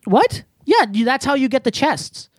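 A man's voice: very high voice, sing-song, normal speed, no echo. Chatty man explaining a game. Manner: explains at length, lots of "like" and "you know". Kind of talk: casual gaming chat.

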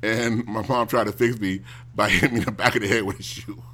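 A man ranting casually to a stream audience, animated and given to mocking impressions. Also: lowish voice, quick pace. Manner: animated, mocks others in loud exaggerated voices.

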